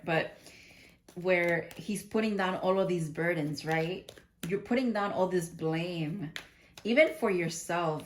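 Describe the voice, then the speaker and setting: A woman giving a casual spiritual tarot card reading, chatty and giggly, thinking aloud and often restarting her sentences. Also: fairly low pitch. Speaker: tarot reader.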